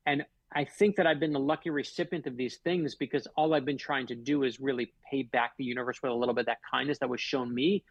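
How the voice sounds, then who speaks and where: A man with a gravelly, slightly husky voice that sits a little high for a man, spinning personal stories on a talk show. He talks animatedly and acts out the quoted dialogue. The sound is dry and close. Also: fairly even intonation, quick pace, hardly any pauses, no echo, low-quality recording. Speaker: guest author. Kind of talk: storytelling in a radio interview.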